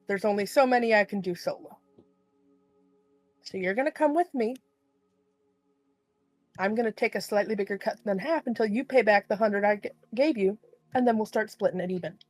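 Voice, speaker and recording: Woman, tabletop player, wry, bossy, mid pitch, dry sound. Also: moderate pace, no room sound, faint music behind. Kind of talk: tabletop role-play.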